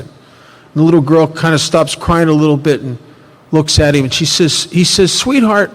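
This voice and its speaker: A man speaking at a recovery workshop, telling personal stories in an animated, repetitive way. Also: a little high, moderate pace. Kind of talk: personal storytelling talk. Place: workshop hall. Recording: reverberant hall.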